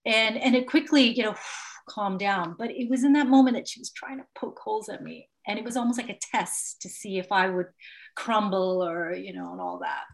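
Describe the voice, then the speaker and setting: A woman coach shares a candid story about a difficult session. She tells it in a lively, animated way, at an everyday pitch. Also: moderate pace. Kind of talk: group discussion, personal story.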